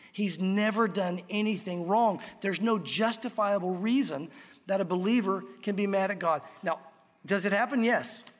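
A male pastor delivering a sermon in an earnest, direct way, repeating key lines for emphasis. His voice sits high for a man. The sound carries a long reverb, as in a church hall.

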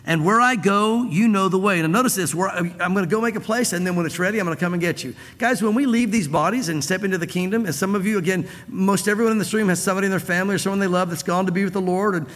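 A man's voice: high voice, very fast, hardly any pauses. A man preaching a sermon to a congregation, conversational, repeating phrases and acting out dialogue. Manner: conversational, repeats himself, acts out quoted dialogue. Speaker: pastor. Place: church hall with audience. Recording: reverberant church hall.

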